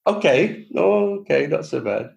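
A man's voice: a little high, big pitch swings, a little slow, creaky, a little mellow, highs cut off. A man with a Received Pronunciation English accent, a guest author telling his story in a chatty, self-deprecating way during a casual interview. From England.

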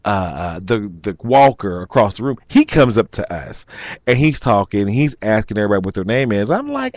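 A man casually telling a story in an animated way, chuckling and acting out what people said. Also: fairly low pitch, fairly quick, no room sound. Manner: animated, chuckling, acts out quotes.

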